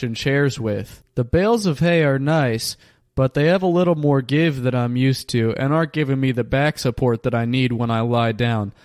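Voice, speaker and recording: A man hosting a comedy podcast, reading absurd diary entries in a deadpan, dry delivery. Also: mid-range voice, clear, resonant tone, no echo. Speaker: podcast host.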